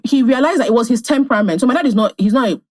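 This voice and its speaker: A woman's voice: a little high, very fast, no room sound, clean studio sound. A woman with a Nigerian accent, a podcast co-host telling a family story conversationally. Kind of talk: casual podcast chat.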